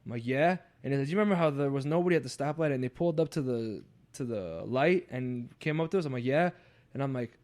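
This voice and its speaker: On a podcast, a young male host casually tells a ghost story in a fast, fairly high voice. He swears a lot and gets animated when acting out his friends' voices.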